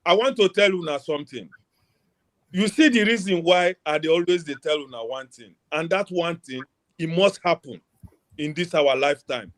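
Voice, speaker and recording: A man's voice: on the high side, normal speed. A Nigerian man calling in to a heated online political debate, talking emphatically and pleading for more time. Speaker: caller on a political talk show.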